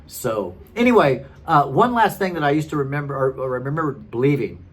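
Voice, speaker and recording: A man's voice: mid-range voice, lively intonation, fairly quick, breathy edge. A man in his thirties, a former pastor, telling his story casually and rambling with many fillers. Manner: chatty and rambling, many fillers and restarts, frequent laughs.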